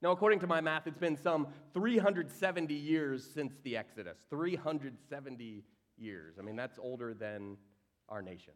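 A man preaching a sermon, reading scripture aloud and acting out the characters with sudden jumps in pitch and volume. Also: moderate pace. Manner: animated, acts out quoted voices with big swings in pitch and volume. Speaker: pastor.

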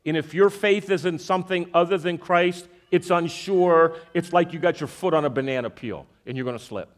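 In an animated sermon, a man whose voice sits on the high side speaks at normal speed and uses a magic trick as an object lesson. He checks in with the audience through frequent questions and repeats verses to make them stick.

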